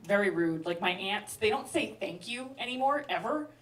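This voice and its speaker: A woman in her thirties, originally from Brooklyn, performing a stand-up comedy set on a club stage with a quick, sardonic delivery. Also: medium pitch, lively intonation, fairly bright tone. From Brooklyn, New York, raised in Texas. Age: 30s. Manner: quick, sardonic, acts out characters. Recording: roomy club recording, heard from a distance. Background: audience laughing.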